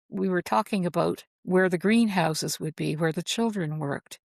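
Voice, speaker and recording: A woman, a guest author, telling heartfelt stories in a rambling, halting way with frequent restarts. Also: fairly low pitch, creaky, a little mellow, dry recording. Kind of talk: casual interview storytelling. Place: at home.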